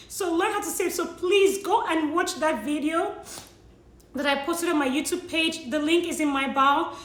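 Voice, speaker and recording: A woman's voice: high voice, fairly bright tone, roomy sound. A young woman vlogging about paying off her loans, teary and sniffling, apologizing and laughing through her tears. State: tearful, sniffling. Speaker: vlogger sharing money tips. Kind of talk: emotional personal vlog.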